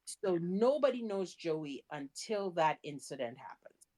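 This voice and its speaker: A woman co-hosting a casual podcast, emphatic and quick to agree and add details. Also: lowish voice, sing-song, dark tone. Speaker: podcast co-host. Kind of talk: casual rewatch podcast chat.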